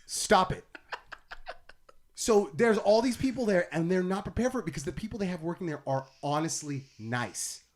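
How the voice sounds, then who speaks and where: A man's voice: high-pitched, brisk, hardly any pauses, darkish tone. A man, a stand-up comedian guesting on a podcast, telling a long, profane, rambling story and acting out what people said. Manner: rambling comic storytelling, profane, acts out quotes. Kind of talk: casual podcast chat.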